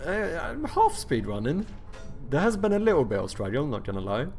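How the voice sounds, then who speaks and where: A man's voice: on the high side, huge pitch swings, fairly quick, a little mellow, faint music behind. A young man streaming from his home setup, chatting casually while he codes, joking about himself and swearing freely. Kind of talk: casual live-stream chat while coding.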